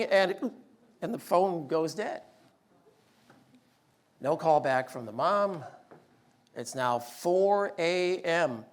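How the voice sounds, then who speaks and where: A man's voice: sits high, slow pace, pauses often. A middle-aged man giving a humorous storytelling talk, acting out dialogue in a raised voice. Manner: animated, acts out dialogue in raised voice. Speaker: speaker telling stories.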